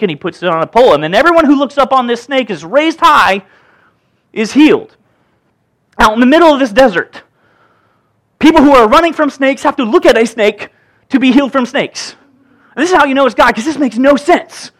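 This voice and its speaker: A male pastor delivering a sermon with a fairly high voice. He reads scripture aloud and breaks into playful asides, acting out voices as he goes. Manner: lively, joking, acts out voices while reading scripture.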